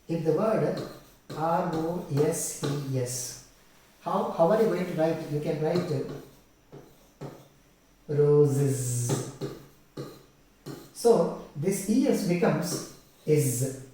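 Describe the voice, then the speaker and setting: A man's voice: sits high, warm tone. A man, giving an exam-prep lecture on teaching methods and walking through questions with the key terms repeated. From India. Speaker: English teacher. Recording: very echoey room, voice from a distance.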